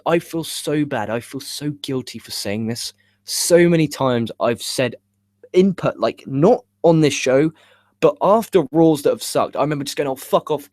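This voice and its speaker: Young male streamer, middle pitch, agitated rambling, dry sound. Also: darkish tone, no echo. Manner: frustrated, swearing, rambling with stammers. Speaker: live show host. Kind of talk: live stream chat about wrestling. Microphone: cheap USB microphone.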